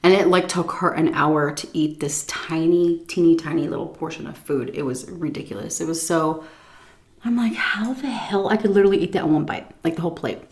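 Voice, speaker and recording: A woman vlogger telling a story in a lively, animated way. Her voice sits a little low, and she breaks into laughter often while she acts out what people said. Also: brisk. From United States. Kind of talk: storytime chat.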